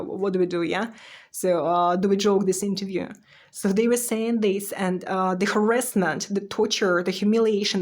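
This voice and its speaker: Woman, aggrieved testimony. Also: mid-range voice. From Russia. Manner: ends phrases with a questioning "yeah?"; urgent, aggrieved, with short nervous laughs. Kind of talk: emotional personal testimony.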